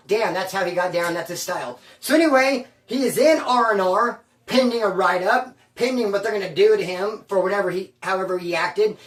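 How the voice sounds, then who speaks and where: A man who served time, telling a prison story in casual street slang, swearing freely and acting out what people said. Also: high-pitched. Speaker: former inmate storyteller. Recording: roomy echo, distant mic.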